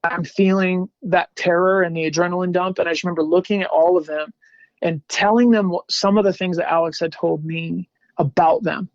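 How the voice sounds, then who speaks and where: Guy from salt lake telling a heavy story, raw and slangy, kinda high voice, muffled dry audio. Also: fairly even intonation, a little fast, dry recording. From Salt Lake City, USA. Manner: candid, slangy, emotional. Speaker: podcast guest. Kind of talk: personal storytelling. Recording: dull lo-fi dry sound.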